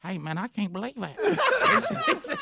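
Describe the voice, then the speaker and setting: A man's voice: very high voice, huge pitch swings, unhurried, creaky, very noisy. A man hosting a radio show, telling a story with lots of laughter and repeated "I said". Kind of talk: morning radio banter and storytelling.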